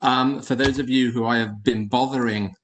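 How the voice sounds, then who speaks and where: A man's voice: medium pitch, fairly even intonation, normal speed, slight background noise. A man presenting his hotels on a video call, chatty and friendly in tone, often repeating words as he talks. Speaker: hotel group founder presenting. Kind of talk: casual presentation. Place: at home or office in London.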